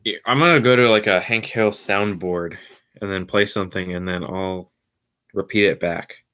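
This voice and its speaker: A man hosting his own podcast stream, rambling along casually in a low-key, somewhat mumbly way. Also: moderate pace, sharp tone, clean tone. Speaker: podcast host. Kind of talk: casual solo livestream chat.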